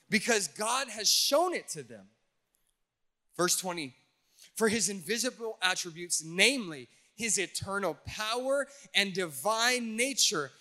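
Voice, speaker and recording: Male pastor, high bright voice, playful teasing sermon delivery. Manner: teasing, joking with the audience. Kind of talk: playful sermon to a youth crowd.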